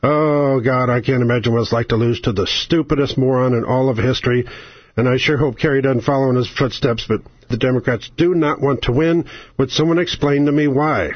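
Husky, exasperated ranting radio host. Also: male voice, medium pitch, a little fast, dry recording. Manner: angry, sarcastic, exasperated. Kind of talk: political radio rant. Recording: lo-fi, dry radio sound.

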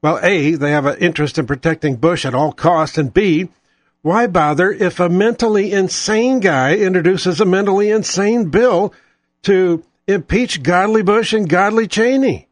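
A man's voice: high voice, normal speed, no echo. A man hosting a political talk show, ranting with profane, sarcastic exasperation.

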